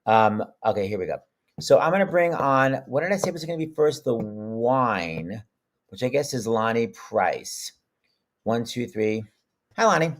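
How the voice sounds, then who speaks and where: A man hosting a casual live stream, joking and bantering excitedly with his guests. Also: mid-range voice, unhurried. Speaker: host. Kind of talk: casual livestream chat.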